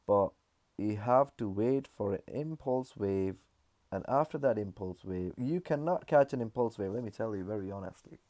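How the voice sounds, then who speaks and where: A man with a fairly low, mellow voice talks through trading charts in an unpolished, casual way. He repeats himself and pads his points with fillers as he explains. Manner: loose, repetitive explaining with frequent fillers. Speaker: trading analyst. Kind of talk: casual market chart walkthrough.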